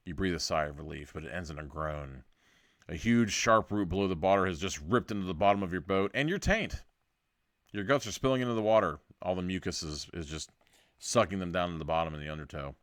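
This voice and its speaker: A man's voice: low-pitched, fairly quick, no echo, clean studio sound. A man hosting a podcast, reading a gamebook aloud for laughs and ad-libbing jokes. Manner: jokey, ad-libs and laughs at his own lines; drops to a hushed spooky murmur. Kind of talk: comedic storybook reading.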